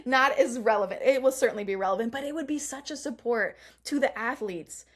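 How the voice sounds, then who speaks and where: A middle-aged woman performance coach chatting as an interview guest, animated, laughing often and acting out the lines she quotes. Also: fairly high pitch, brisk. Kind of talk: casual interview chat.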